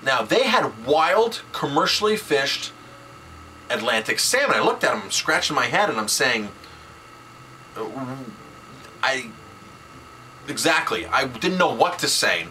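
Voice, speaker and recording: A man's voice: medium pitch, very animated, normal speed, bright, forceful tone, a little hiss or hum, rough recording. A man, a chef, talking casually on his video blog, emphatic and repeating words for stress. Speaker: chef and food advocate.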